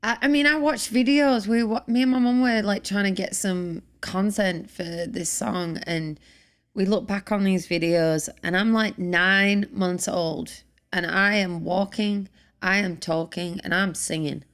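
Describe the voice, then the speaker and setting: A woman's voice: fairly low pitch, steady tone, a little slow. Chatty English woman singer. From England. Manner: chatty, many filler "like"s. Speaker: guest musician. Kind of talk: casual interview chat.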